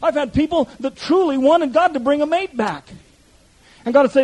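A man's voice: very high-pitched, lively intonation, brisk, a little mellow, rough recording. A male pastor preaching an impassioned sermon, speaking directly to his congregation.

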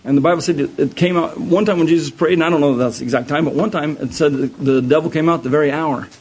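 A man delivers a sermon with an animated storytelling manner. His voice sits a little high for a man, and he often repeats words as he builds his point. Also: quick pace, husky, low-quality recording. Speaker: preacher.

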